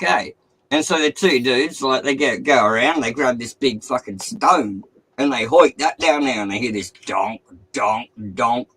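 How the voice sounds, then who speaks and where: A man's voice: mid-range voice, fairly bright tone, a little hiss or hum, low-quality recording. A man, a streamer telling a long crude joke in casual chat, swearing constantly and rambling. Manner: profane, rambling storyteller.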